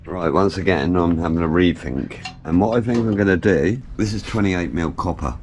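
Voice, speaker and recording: A man's voice: low-pitched, moderate pace, a little hiss or hum. A man chatting casually as he works in his workshop, explaining each step with the odd joke. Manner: chatty, jokey, explains while working. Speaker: car builder vlogger. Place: home workshop.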